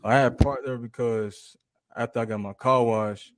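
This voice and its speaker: A young man testifying in court, hesitant and halting, with many restarts. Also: mid-range voice, fairly even intonation, no echo. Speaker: trial witness.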